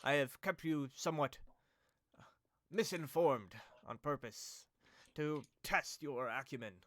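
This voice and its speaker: A man's voice: fairly high pitch, a little slow, fairly bright tone, no echo, pitched above the performer's own voice. A man doing a frail, courtly old mage. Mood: formal. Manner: formal, gracious speech.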